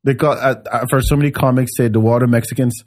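A man's voice: mid-range voice, steady tone, fast, a little mellow. A man hosting a podcast, chatting casually, teasing his guest and laughing. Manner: laughs and teases, stumbles over names. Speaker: podcast host. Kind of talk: casual chat.

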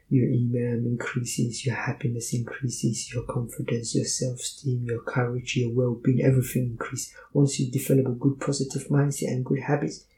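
Male speaker for a faith-based self-help talk: earnest, methodical, even and warm in tone. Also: medium pitch, low-quality recording. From Somalia. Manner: earnest, explanatory, tells personal stories; measured, lists points in sequence. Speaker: motivational speaker.

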